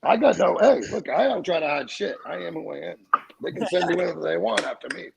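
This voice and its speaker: A man's voice: high-pitched, brisk, vocal fry, a crowd in the background, rough recording. A man co-hosting a casual podcast, joking crudely with friends. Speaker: podcast co-host. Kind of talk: casual banter among friends.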